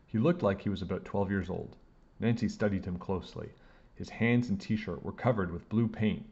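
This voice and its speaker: A man reading a children's book aloud with expressive delivery. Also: deep voice, a little fast, creaky, slightly rough, dull audio. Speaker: storybook reader.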